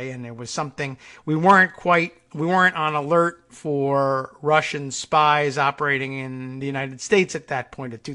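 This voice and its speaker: A man hosting a political talk show, riffing in a sardonic, digressive way with lots of asides and filler words. His voice sits a little high and sounds bright and forceful. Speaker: podcast host. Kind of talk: rambling political commentary.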